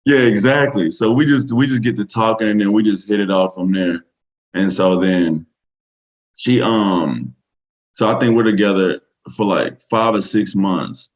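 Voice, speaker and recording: Man, low-pitched voice, Southern US accent, podcast guest, casual rambling storytelling. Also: unhurried, slight background noise, low-quality recording. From Texas, USA. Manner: loose, rambling telling full of fillers.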